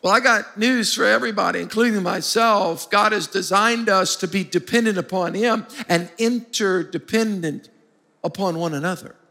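American pastor guy preaching, high bright voice, calls on the crowd to say it back, echoey hall. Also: moderate pace, vocal fry. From United States. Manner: emphatic, call-and-response with the congregation. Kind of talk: sermon.

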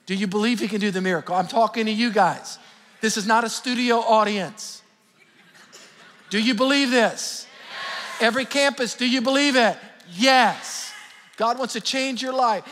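A man's voice: very high voice, normal speed, sharp tone. A middle-aged man preaching a sermon as pastor, fervent and calling out to his congregation. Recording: long hall reverb with faint music.

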